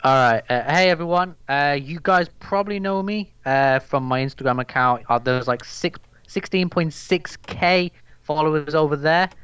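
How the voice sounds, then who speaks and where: A man's voice: a little high, normal speed, fairly bright tone, smooth, no echo, highs cut off. A young man with a Birmingham accent chatting casually as a podcast guest, rambling and swearing with lots of fillers. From England. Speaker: guest, MMA news account runner.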